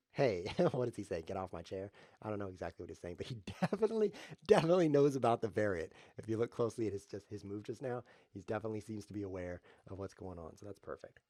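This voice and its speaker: A man's voice: on the low side, lively intonation, fast, a little mellow, no room sound. A man casually commenting on his own chess game on a live stream, joking, teasing himself and wandering off on playful tangents. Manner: jokey, self-mocking, playful tangents.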